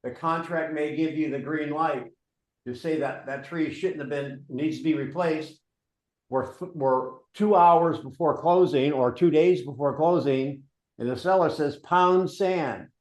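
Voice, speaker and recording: Brief: male real estate coach, slightly higher voice, brisk and directive, echoey room. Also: a little mellow. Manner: brisk, directive, interrupts to steer. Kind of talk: coaching a live training session.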